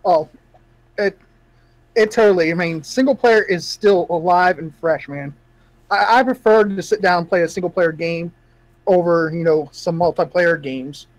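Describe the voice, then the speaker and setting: A man's voice: high-pitched, normal speed, no echo, poor audio. A man on a gaming podcast panel, chatting in an easygoing, enthusiastic way. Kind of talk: casual chat.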